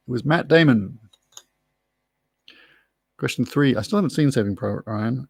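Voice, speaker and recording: A gravelly-voiced man reads out pub quiz questions and wanders into chatty, self-deprecating tangents. His voice sits in an ordinary middle range. The sound is close and dry with no room echo. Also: medium pitch, darkish tone. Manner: chatty, rambling, self-mocking asides. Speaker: quiz host. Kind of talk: live online pub quiz hosting. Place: room at home.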